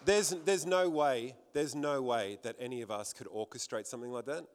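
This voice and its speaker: A man's voice: medium pitch, normal speed, clean tone. Fervent male preacher in a reverberant hall. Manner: fervent preaching, repeats words while building up. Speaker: pastor. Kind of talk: sermon. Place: church hall with a congregation.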